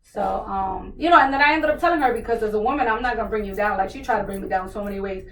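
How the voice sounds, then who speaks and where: A woman's voice: mid-range voice, fast. A young woman from New Jersey, a podcast guest, telling a personal story in casual chat and acting out the dialogue. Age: young adult. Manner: animated, acts out quoted dialogue. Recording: roomy, distant mic, faint background noise.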